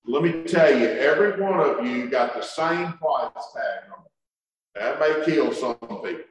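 A man delivers a sermon at a slow, deliberate pace, with a slightly raised voice. He leans hard on key words and stretches them out. The sound is distant and carries the long echo of a large church hall. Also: fairly high pitch, expressive. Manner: emphatic preaching with drawn-out words and dramatic pauses. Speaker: preacher. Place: church sanctuary. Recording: echoey hall from far off.

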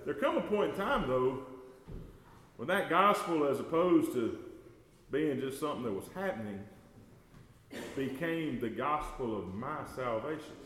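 A man preaching a sermon, folksy and talking to the congregation as y'all, growing loud and slow whenever he quotes scripture. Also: mid-range voice, lively intonation. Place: church sanctuary. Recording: echoey church hall with long reverb.

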